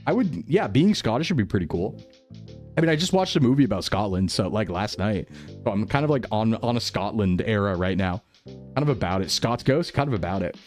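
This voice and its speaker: A young American man chatting casually with his stream viewers, excitable and loose, full of "like" and "bro". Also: fairly low pitch, brisk, faint music behind. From United States. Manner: animated, excitable, lots of "like" and "bro".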